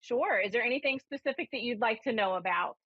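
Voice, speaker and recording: A chatty woman from Ohio works as a psychic medium on a live call-in radio show. She tells stories in an animated way, full of fillers. Her voice sounds dry and slightly muffled, like a radio broadcast. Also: on the high side, fast talker, husky, dry recording. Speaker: psychic medium and spiritualist minister.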